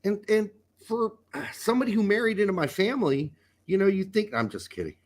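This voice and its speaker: A man's voice: sits high, big pitch swings, brisk. A middle-aged man co-hosting a casual podcast, riffing in joking, profane banter. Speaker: podcast co-host. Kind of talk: casual chat.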